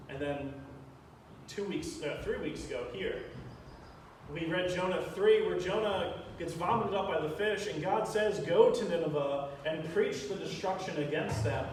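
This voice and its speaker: A man's voice: on the high side, a little mellow. Echoey preacher man retelling a Bible story. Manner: storytelling, acts out quoted prayers. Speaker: pastor. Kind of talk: sermon. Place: church sanctuary. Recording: echoey church from a distance, faint hiss.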